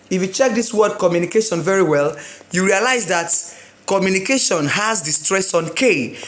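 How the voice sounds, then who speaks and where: A woman teaching an exam lesson, drilling words slowly with emphasis and asking the class questions. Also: mid-range voice. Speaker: English exam tutor. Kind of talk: classroom-style video lesson.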